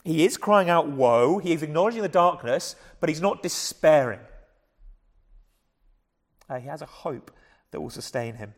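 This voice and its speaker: Hoarse English preacher in a reverberant hall. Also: male voice, a little high, animated, moderate pace, long pauses. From England. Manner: earnest, conversational, with frequent repeated starts. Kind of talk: sermon. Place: church.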